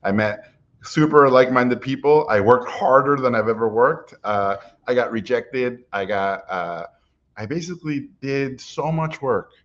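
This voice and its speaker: A middle-aged man telling a personal story in a lively way, acting out what people said to him, with frequent "uh"s. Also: mid-range voice, unhurried, dull audio. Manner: lively anecdotal, acts out quotes, frequent "uh". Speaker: animation guest speaker.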